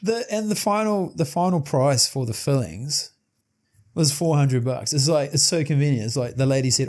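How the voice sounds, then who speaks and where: Profane, animated guy telling stories. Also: medium pitch, moderate pace. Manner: profane, animated storytelling, acts out quotes. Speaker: podcast co-host. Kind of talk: casual chat.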